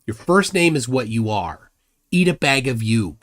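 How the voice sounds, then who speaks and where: A man's voice: medium pitch, sing-song, a little slow, fairly bright tone. A man hosting a live stream, arguing combatively and mocking his opponent while reading chat comments aloud. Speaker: livestream host.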